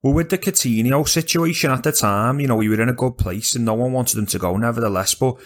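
An animated man talking football in a casual podcast chat. He swears freely, restarts his sentences and rambles on, in a voice of ordinary middle pitch. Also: quick pace.

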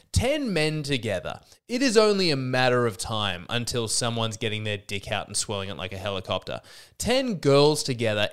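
A podcast host in his thirties speaks in a medium-pitched, clean voice. He's a little sick and rants alone comedically, sarcastic and exasperated, often starting over.

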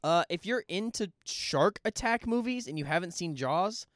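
A man's voice: high-pitched, animated, moderate pace, a bit bright, no echo. A young man co-hosting a podcast, chatting casually about a film and rambling through restarts mid-thought. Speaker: podcast co-host.

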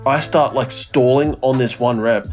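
A man's voice: mid-range voice, measured pace, over loud music. A young man co-hosting a casual podcast, telling a story with lots of swearing and laughter. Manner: laughing storyteller, swears a lot, acts out gym yells. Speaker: podcast co-host. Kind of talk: casual chat.

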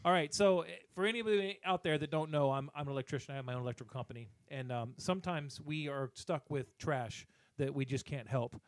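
A man co-hosting a podcast, telling a profane, animated story in a casual rant and voicing the people in it. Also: on the high side, quick pace, no echo. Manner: animated, profane, acts out other people's lines. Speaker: podcast co-host.

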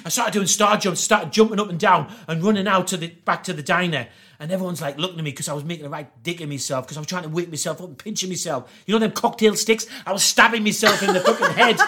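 Guy telling a funny story, high voice, does all the voices, swears a lot. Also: fast. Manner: animated, acts out voices, lots of swearing. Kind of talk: comic storytelling.

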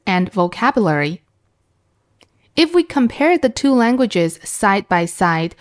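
A woman teaching beginners Mandarin, explaining slowly and clearly and demonstrating each tone aloud. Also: medium pitch. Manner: slow and clear, demonstrating sounds with sung tones.

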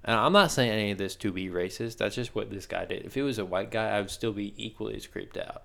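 A man's voice: lowish voice, quick pace, creaky, sharp tone. A man co-hosting a podcast, chatting casually and rambling through a story. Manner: rambling storyteller, acts out quotes. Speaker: podcast co-host. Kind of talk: casual chat.

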